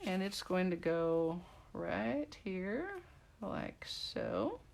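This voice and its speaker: A woman's voice: on the low side, expressive, extremely slow, creaky, darkish tone. Chatty woman demonstrating a craft. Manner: chatty, rambling asides to live viewers. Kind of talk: casual craft tutorial.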